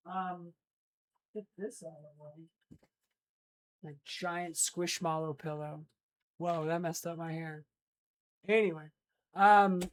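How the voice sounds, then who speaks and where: A young adult woman streaming live, chatting casually and rambling with lots of fillers as she talks to her chat while setting up her gear at home. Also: lowish voice.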